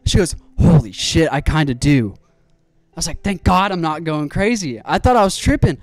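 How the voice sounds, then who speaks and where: A young man streaming while he builds a PC, telling an animated story with plenty of swearing. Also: high-pitched, moderate pace, dry recording.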